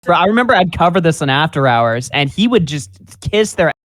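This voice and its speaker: A man co-hosting a casual commentary chat, animated, swearing and laughing a lot. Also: on the high side, brisk, dry recording. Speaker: co-host.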